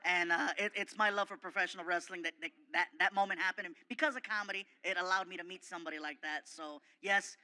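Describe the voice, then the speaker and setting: Bright-voiced, excitable male comedian. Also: high voice, fast, hardly any pauses, clear, resonant tone. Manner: animated, excitable, self-mocking. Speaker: guest comedian. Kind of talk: comedic storytelling in an interview.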